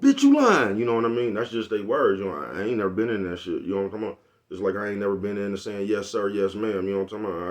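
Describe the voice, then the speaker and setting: A man, talking casually and profanely to his camera, rambling and asking "you know what I'm talking about?" over and over. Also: deep voice. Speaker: vlogger.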